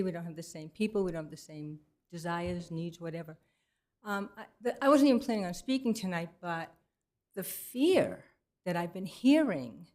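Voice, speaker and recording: A middle-aged woman giving an unplanned, earnest public comment at a council meeting, halting and restarting often. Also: mid-range voice. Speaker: resident speaking at public comment.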